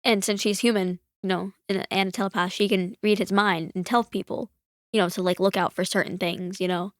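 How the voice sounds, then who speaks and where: Woman, casual chat, rambling, lots of fillers, mid pitch, dry sound. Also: steady tone, a little fast, no room sound. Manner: rambling, filler-heavy retelling. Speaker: podcast guest.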